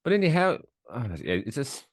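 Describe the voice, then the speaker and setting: A man's voice: medium pitch, wildly swooping pitch, fairly quick, breathy edge, no echo. A man co-hosting a podcast, joking and swearing in casual banter into a close mic. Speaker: podcast co-host.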